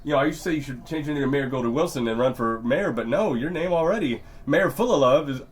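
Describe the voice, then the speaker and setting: A man's voice: mid-range voice, fast. Rambling, swearing male podcast host. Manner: rambling, swearing, laughs a lot. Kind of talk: casual chat.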